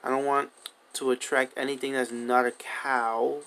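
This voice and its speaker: A man's voice: medium pitch, little pitch movement, moderate pace, fairly bright tone, slight background noise. Young male gaming host, casual, rambling playthrough chatter, mid-range voice. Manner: chatty, coaxing animals with repeated commands. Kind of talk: casual gameplay commentary.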